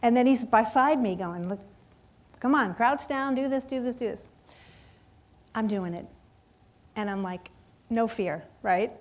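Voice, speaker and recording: A woman in her fifties telling a lively personal story in a sermon, acting out voices and laughing often. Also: fairly high pitch, measured pace, pauses often. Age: 50s. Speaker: guest speaker at a church service.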